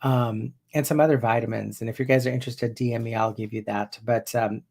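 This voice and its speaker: Hypnotherapist, 50s man, gravelly, chatty teaching tone, loose and rambling delivery. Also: medium pitch, fairly even intonation, a little fast, a little mellow. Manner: conversational and loose, often restarting sentences. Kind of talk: casual spoken teaching to viewers.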